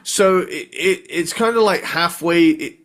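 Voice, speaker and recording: Man, podcast co-host, measured casual talk, small restarts. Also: a little high, a bit bright. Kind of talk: casual chat.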